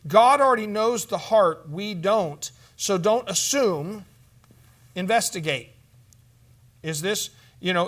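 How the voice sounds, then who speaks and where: High-voiced man teaching at a church conference. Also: fairly bright tone. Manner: emphatic, asks the room questions, acts out sample counseling dialogues. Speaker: conference teacher on biblical counseling.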